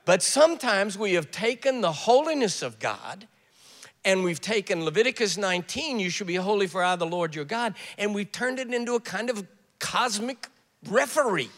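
Older man preaching; high, lively voice; tells stories; hall echo. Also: normal speed. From US South. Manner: storytelling with acted quotes and joking asides. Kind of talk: sermon. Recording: echoey hall.

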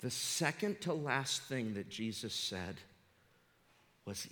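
Fervent preacher in a reverberant hall. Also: male voice, on the low side, very animated, a little slow, bright, forceful tone. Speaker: pastor. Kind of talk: sermon.

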